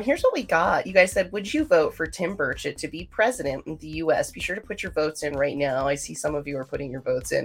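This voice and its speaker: A woman's voice: sits low, vocal fry. A woman hosting a livestream, chatting casually and rambling straight to her viewers. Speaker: livestream host.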